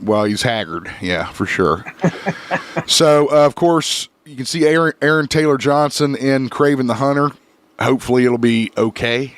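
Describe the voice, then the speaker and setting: A man's voice: mid-range voice, moderate pace. A man hosting a casual podcast chat, laughing a lot and swearing loosely while fighting sinus trouble. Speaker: podcast host.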